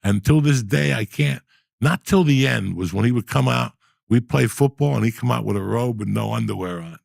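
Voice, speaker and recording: Gravelly New man telling stories. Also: mid-range voice, moderate pace, dry recording. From New Jersey. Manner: animated, profane storyteller. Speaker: podcast host. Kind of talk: storytelling in casual chat.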